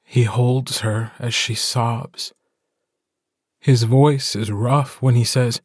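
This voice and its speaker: A male audiobook narrator reads in a slow, measured, intimate way. His voice is slightly husky and sits in a dry, close studio sound. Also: mid-range voice, steady tone, no echo. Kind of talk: scripted narration.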